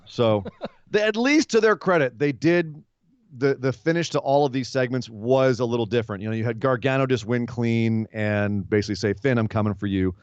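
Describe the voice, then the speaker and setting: Podcast co-host, male, mid-pitched, rambling recapper on a dull dry mic. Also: darkish tone, clear, resonant tone, dry recording. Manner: rambling, retells comedy segments with quick voiced asides. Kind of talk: casual wrestling recap chat.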